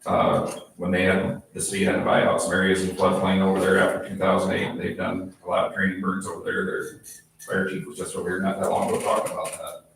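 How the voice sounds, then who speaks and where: A man's voice: low-pitched, monotone, quick pace, creaky, a bit bright, a little hiss or hum. A man explaining matters plainly at a town council meeting, often hedging on what he cannot answer. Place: small town council chamber. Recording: echoey room from far off.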